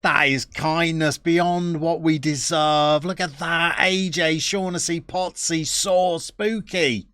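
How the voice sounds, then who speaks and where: A man's voice: on the high side, steady tone, takes it slowly, few pauses, fairly bright tone, clean tone, dry recording. A man chatting casually on a live game stream, reading viewer messages in a chatty, self-deprecating way. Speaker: Football Manager streamer.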